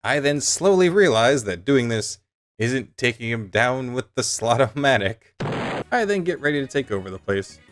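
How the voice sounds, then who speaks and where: A man's voice: mid-range voice, very animated, normal speed, soft background music. A young man giving comedic gameplay commentary, joking and self-mocking with stammered restarts. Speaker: gaming youtuber.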